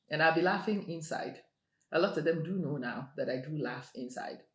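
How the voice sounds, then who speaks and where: A woman giving a motivational monologue in a measured, emphatic way, repeating her key phrases. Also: sits low, fairly bright tone. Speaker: motivational speaker. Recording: roomy echo with faint music.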